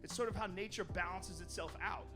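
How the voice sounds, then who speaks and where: High-voiced man telling a crude stand-up story. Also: a little fast, music in the background. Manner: crude, animated, acts out characters mid-story. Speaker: stand-up comedian.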